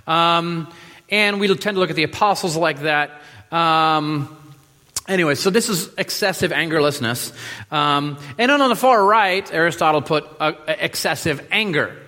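A man preaching a sermon in a relaxed, joking way, with many fillers and restarts. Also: a little high, moderate pace. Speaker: pastor. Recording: reverberant hall.

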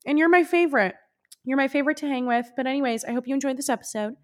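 A woman's voice: sits high, racing. A young woman hosting her own podcast alone, chatting casually in a bubbly, gushing way. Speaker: podcast host. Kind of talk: solo casual podcast chat.

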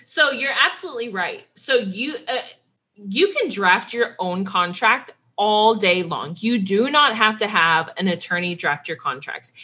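A woman's voice: mid-range voice, lively intonation, a little slow, sharp tone, breathy edge. A woman in her late twenties, a lawyer guest on a chat show, bubbly and explaining things plainly. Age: 20s. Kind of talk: casual chat.

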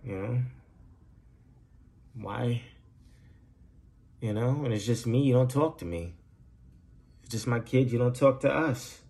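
A mellow man of medium pitch speaks slowly and pauses often while hosting his podcast solo from home. He wanders through a swearing, rambling monologue, chuckling at his own humor.

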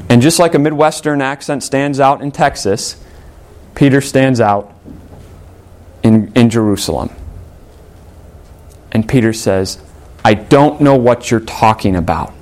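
A man preaching a sermon, telling the story in a lively way and acting out the characters' lines. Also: medium pitch, slow, pauses often. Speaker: pastor.

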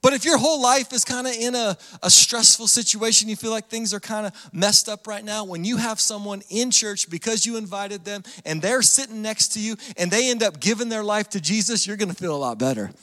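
A man with a high voice preaches from a church stage, chatty and animated. He acts out the people in his stories as he goes. The sound carries a long reverb from a large sanctuary. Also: a little fast, hardly any pauses. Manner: conversational and animated, acting out quoted voices. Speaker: pastor. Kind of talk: sermon.

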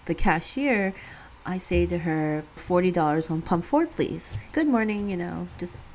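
A woman in her thirties co-hosting a podcast, telling a personal story casually, often laughing and getting animated when she quotes others. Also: on the low side, measured pace, slight background noise. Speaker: podcast co-host.

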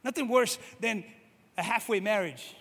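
A male pastor from Cape Verde, preaching in a lively, conversational way and often asking "right?", swinging between loud and soft. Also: sits high, normal speed, creaky, big-room sound. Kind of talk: sermon.

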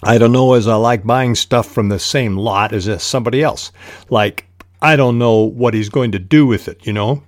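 A man's voice: mid-range voice, moderate pace, no room sound, clean studio sound, close to an everyday voice. A man reading the lines of a guarded, stubborn stocky male buyer from a novel with a hesitant, hedging manner. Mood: wary.

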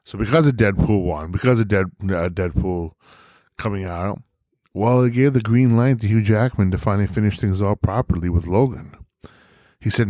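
Male podcast host, low voice, theatrical and profane, dry close recording. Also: moderate pace, dark tone, dry recording. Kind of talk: casual movie talk.

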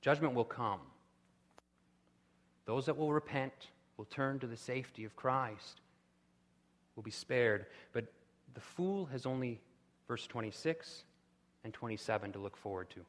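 A man preaching a sermon with impassioned delivery, rising to loud pleading cries. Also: mid-range voice, unhurried, pauses often, long reverb tail. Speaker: pastor.

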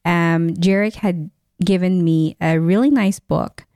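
A woman's voice: fairly low pitch, measured pace, warm tone, no room sound, clean studio sound. A woman with a Filipino English accent co-hosting a podcast in chatty, casual conversation. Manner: chatty, with frequent fillers and restarts. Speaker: podcast co-host. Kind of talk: casual chat.

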